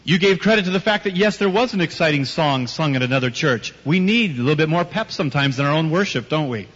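A man's voice: fairly high pitch, animated, fast talker, a bit bright. A man preaching a sermon before a live audience, telling personal stories with emphatic rhetorical questions and light teasing. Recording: dull audio with long hall reverb.

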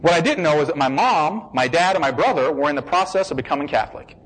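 An American man giving a personal testimony in a lively storytelling manner. He acts out the voices of the people he quotes and repeats words for emphasis. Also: on the high side, fast talker, husky, low-quality recording. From United States. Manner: emphatic repetition.

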